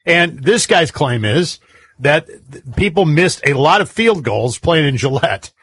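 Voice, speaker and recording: A man's voice: a little high, expressive, unhurried, a bit bright, breathy edge, no echo. A man co-hosting a talk show, telling a story in a chatty, casual way and laughing often. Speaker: co-host.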